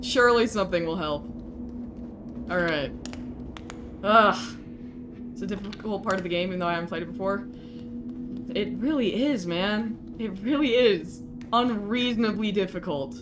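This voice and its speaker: A woman's voice: mid-range voice, moderate pace, pauses often, background noise. A woman streaming a game, talking to chat and groaning in frustration at the game.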